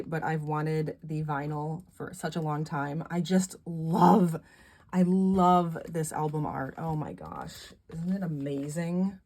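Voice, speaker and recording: A middle-aged woman vlogger chatting casually and gushing softly about gifts, laughing often. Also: low voice. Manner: soft-spoken and gushing, with frequent laughs. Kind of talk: casual chat showing gifts.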